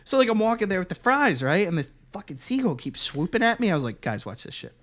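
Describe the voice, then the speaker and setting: Podcast dude telling stories, cussing a lot, voice all over the place. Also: male voice, high voice, quick pace. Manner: profane, animated, laughs while telling stories. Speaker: podcast co-host. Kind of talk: casual chat, storytelling.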